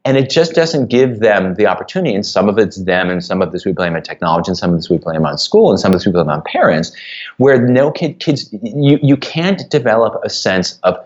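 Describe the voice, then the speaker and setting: A man's voice: fairly low pitch, expressive, a little fast, dull audio. A man, an author and guest on a podcast interview, speaking earnestly and getting choked up as he tells a personal story. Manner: earnest, emotional storytelling, choking up.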